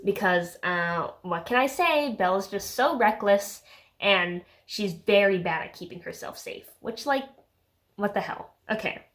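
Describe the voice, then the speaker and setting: A woman's voice: medium pitch, a little slow, a bit bright. Sarcastic young woman chatting about books. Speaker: book vlogger. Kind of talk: casual chat.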